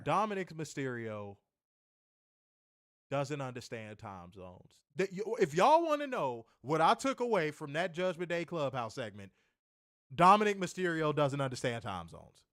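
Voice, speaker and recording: Guy cohosting a review show, cussing and mocking, high voice that jumps all over, dry sound. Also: very animated, normal speed, fairly bright tone, dry recording. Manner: exasperated, profane, mocking. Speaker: wrestling show co-host. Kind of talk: ranting casual review chat.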